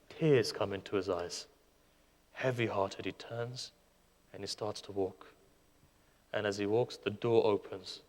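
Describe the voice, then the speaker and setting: Man preaching with lots of feeling, swings loud then hushed, long hall echo. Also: on the low side. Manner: impassioned storytelling, surging loud then dropping soft. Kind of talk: sermon.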